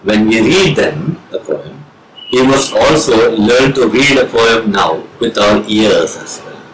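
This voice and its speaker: A man with an Indian English accent, a professor of English giving a slow, measured lecture on reading poetry with deliberate pauses. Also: on the low side, expressive, noisy background. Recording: roomy with faint ambience.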